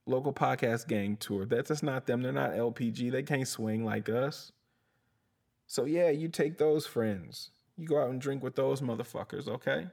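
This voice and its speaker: A man's voice: medium pitch, moderate pace. A male comedian hosting his podcast, ranting in a heated, profane way and often tossing in "bruh". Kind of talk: casual comedic rant.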